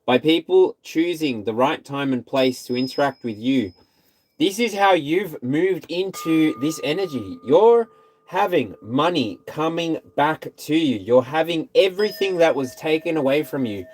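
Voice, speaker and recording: Animated man giving a tarot reading. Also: fairly high pitch, normal speed. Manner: animated, repeats phrases, breaks into scat singing and whoops. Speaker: tarot reader. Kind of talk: casual spiritual tarot reading.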